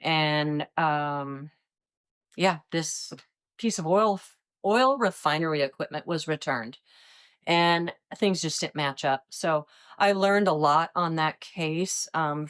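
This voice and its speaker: Woman, fifties, from Iowa, retired agent, interview storytelling, slightly low pitch, animated. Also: clean tone. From Iowa, United States. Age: 50s. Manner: animated, acts out quoted voices. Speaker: retired DEA agent, guest.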